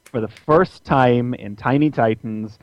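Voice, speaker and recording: A man talks through a comic story on a podcast, stumbling over restarts and fillers as he goes. His voice sits in a middle pitch. The recording is dry and a little dull, like lo-fi podcast audio. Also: unhurried, no echo. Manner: animated retelling, puts on squeaky voices for characters. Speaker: podcast co-host reviewing comics. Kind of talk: casual chat.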